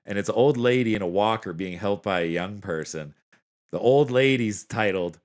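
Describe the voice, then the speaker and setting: A young man co-hosting a podcast, telling stories in a relaxed, casual way with lots of "like". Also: sits low, brisk. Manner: laid-back storyteller, says "like" often. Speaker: podcast co-host. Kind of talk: casual chat.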